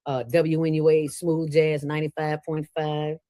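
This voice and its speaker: A woman as an interview guest, talking in a playful, preachy way with sudden jumps in pitch. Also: little pitch movement, moderate pace, warm tone, no echo. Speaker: interview guest, nonprofit founder. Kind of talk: casual interview talk.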